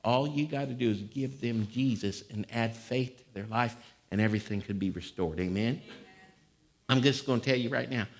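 A male pastor preaching a sermon, swinging between conversational talk and sudden shouts. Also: mid-range voice, moderate pace, faint music behind. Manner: fiery, shouting bursts between conversational stretches. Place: church. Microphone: live-streamed service mic.

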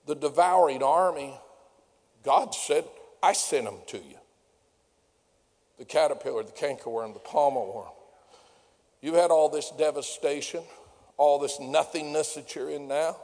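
Folksy preacher, gravelly, big hall. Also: male voice, fairly high pitch, a little slow, pauses often, darkish tone. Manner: folksy, rising to fervent preaching. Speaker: pastor. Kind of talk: sermon. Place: church sanctuary. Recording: long hall reverb.

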